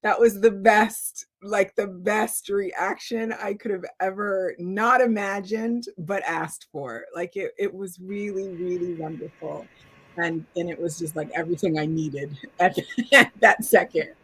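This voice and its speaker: A middle-aged woman author telling stories on a video call, lively and acting out the quotes of others. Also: mid-range voice, measured pace, slightly rough. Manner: animated storytelling, acting out quotes. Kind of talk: virtual author talk.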